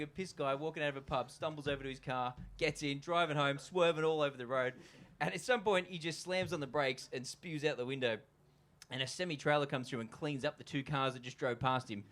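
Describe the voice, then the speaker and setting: A man's voice: fairly high pitch, fairly bright tone. A young man with an Australian accent doing a loose, chatty stand-up comedy set at a live venue, full of fillers and asides to the crowd.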